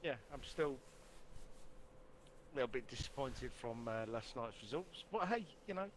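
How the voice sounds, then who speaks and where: A man co-hosting a live race stream, speaking casually with dry understatement. His voice sits at a middle pitch and he keeps his delivery relaxed. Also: moderate pace, slight background noise. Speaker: co-commentator.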